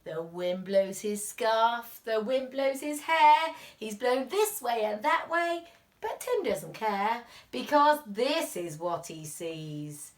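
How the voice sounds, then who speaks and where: A woman on the high side of pitch reads slowly through a picture book for young children as a reception class teacher. She stays animated and expressive, lowering her voice to whispers at the tense parts.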